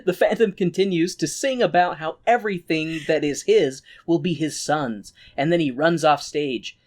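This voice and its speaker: A man with a slightly raspy throat, co-hosting a podcast and recapping a musical in casual, sarcastic and profane chat. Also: a little high, normal speed. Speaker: podcast co-host.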